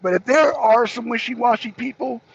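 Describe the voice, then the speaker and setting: With a very high-pitched voice, vocal fry, and a moderate pace, a man hosts a political talk stream, chatting casually and animatedly, naming viewers as he greets them, and swearing often. Highs are cut off, and there's slight background noise.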